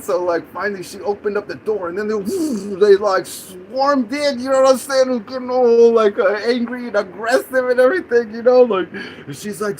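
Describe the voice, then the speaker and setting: Animated, rambling man. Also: high-pitched, fairly quick, a little hiss or hum, poor audio. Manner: rambling, animated, peppered with "dude" and "you know what I'm saying". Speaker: livestream host. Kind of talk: casual storytelling on a livestream.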